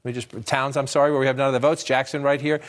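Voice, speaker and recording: A man giving live election-night analysis at a map in a TV news studio, explaining briskly and thinking aloud with quick restarts. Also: mid-range voice, little pitch movement.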